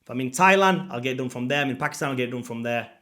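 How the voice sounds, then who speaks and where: A man's voice: mid-range voice, very fast, fairly bright tone. A man in his thirties talking straight to his viewers as a fitness coach, emphatic and pushy, repeating his points. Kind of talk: direct-to-camera motivational talk.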